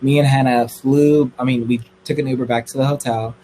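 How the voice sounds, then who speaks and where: A young man telling a story on a livestream in a casual, gossipy way, swearing freely and squealing high when excited. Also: brisk, slight background noise, rough recording.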